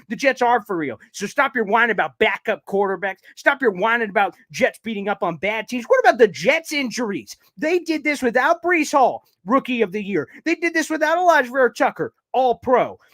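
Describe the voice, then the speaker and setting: A man's voice: a bit bright, no echo. A man hosting a live fan recap show, ranting and taunting in a fired-up way, a little out of breath. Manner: fired-up, taunting rants with big pitch jumps. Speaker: sports show host.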